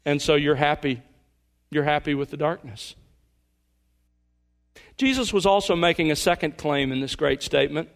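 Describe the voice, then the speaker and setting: A male pastor preaching an earnest sermon to his congregation, slowing down to stress key words and dropping to a hush for emphasis. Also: high voice.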